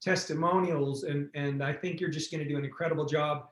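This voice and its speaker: A man hosts a group call in an encouraging, enthusiastic way. His voice is somewhat high. It echoes around the room. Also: steady tone, a little fast. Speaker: program host. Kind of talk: casual group call hosting.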